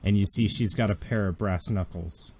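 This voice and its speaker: A man narrating as game master of a tabletop role-playing game, lively and often laughing. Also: on the low side, moderate pace, background noise.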